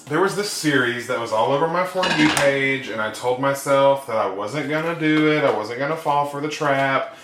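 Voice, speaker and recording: A man's voice: medium pitch, background noise. A man vlogging as he cooks, chatting and joking with his viewers. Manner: upbeat, joking, talks straight to viewers. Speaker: YouTube vlogger and writer. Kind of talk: casual chatty vlog while cooking. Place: home kitchen. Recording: roomy kitchen echo.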